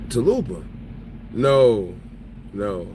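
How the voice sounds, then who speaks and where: A man's voice: on the low side, very animated, extremely slow, noisy background. A man who drives trucks, telling stories in loose casual chat, joking and laughing as he talks. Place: truck cab.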